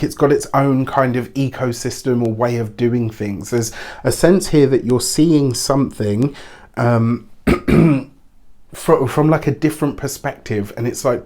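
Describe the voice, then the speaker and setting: Chatty man reading tarot, under the weather. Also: mid-range voice. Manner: chatty, warm-hearted encouragement with many fillers and restarts. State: under the weather, slightly hoarse. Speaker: tarot reader. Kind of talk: casual tarot reading to camera.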